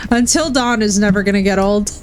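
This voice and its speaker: A woman with a medium-pitched, darkish voice streams on Twitch, chatting casually with her audience as she plays. She speaks candidly, swears freely, and addresses people as bro and dude.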